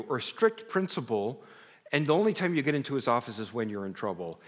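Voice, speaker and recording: A middle-aged man preaching a conversational sermon to a congregation, telling personal stories with self-deprecating asides. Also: medium pitch. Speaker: pastor. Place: large hall before a congregation. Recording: long hall reverb.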